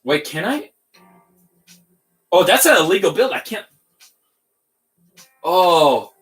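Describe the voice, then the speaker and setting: A man hosting a casual livestream tutorial, talking in an excitable, giddy, rambling way. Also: high-pitched, slow, faint music behind. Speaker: livestream host building toys.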